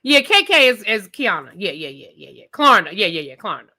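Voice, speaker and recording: A woman reviewing a reality TV episode in a blunt, profane, animated rant. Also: mid-range voice, a little fast.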